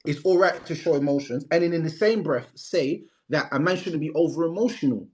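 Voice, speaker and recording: A man's voice: on the high side, brisk, a little mellow, breathy edge. A man hosting a live stream, pushing his point and repeating himself to be heard. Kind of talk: heated argumentative debate.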